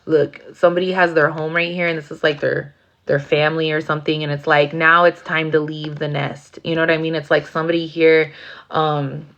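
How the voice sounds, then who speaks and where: A woman's voice: deep voice, flat delivery, a little fast, a bit bright, muffled recording. A woman giving a casual tarot reading, rambling with lots of fillers and swearing freely. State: near tears at times. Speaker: tarot reader.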